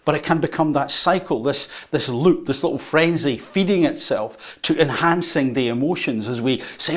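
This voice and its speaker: A man lecturing as he draws on a board, speaking in a voice of middle pitch. He talks loosely, with fillers and restarts, and now and then acts out a worried inner voice to make his point. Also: moderate pace, few pauses. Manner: unscripted, with fillers and repeats. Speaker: teacher. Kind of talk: whiteboard lecture.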